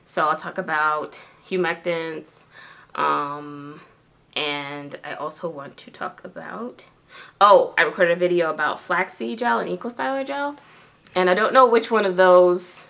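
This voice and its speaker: A chatty woman talking to camera in a loose vlog style, leaning on fillers as she goes. Her voice sits on the lower side but has a bright, forward edge. She sounds like she is talking straight to her viewers. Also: a little slow, creaky. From New York. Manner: chatty, lots of "like" and "um". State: tearful with joy. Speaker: beauty vlogger. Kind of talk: casual chat to camera.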